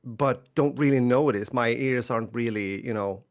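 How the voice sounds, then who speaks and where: A man's voice: mid-range voice, normal speed. A man from northern Sweden with a Swedish accent, a podcast co-host chatting in a reflective, hesitant way. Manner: reflective, hesitant, short affirmations. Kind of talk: casual chat.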